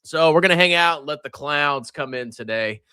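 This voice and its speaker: A middle-aged man from the Virginia coast, USA, hosts a casual livestream, joking and sarcastic with theatrical swings in his voice. His fairly high, sharp, smooth voice moves at a moderate pace. The sound is studio quality with no room sound.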